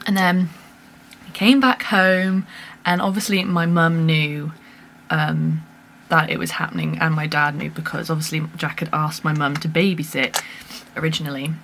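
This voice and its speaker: A woman's voice: sits low, a bit bright, a little hiss or hum. A woman chatting casually to camera at home, telling a story animatedly with laughs and fillers. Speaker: vlogger. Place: home room with a lamp.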